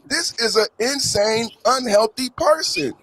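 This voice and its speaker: A man co-hosting a talk show, giving emphatic, mocking commentary that swings between loud bursts and low asides. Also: measured pace, dry recording, rough recording. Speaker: podcast co-host. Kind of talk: animated commentary.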